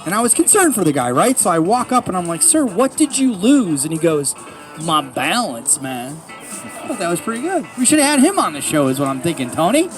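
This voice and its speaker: A man in his forties doing a stand-up comedy set outdoors in a park, telling stories deadpan with self-mocking punchlines. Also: sits high, fast talker, faint music behind. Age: 40s. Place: outdoors in a city park under a tree.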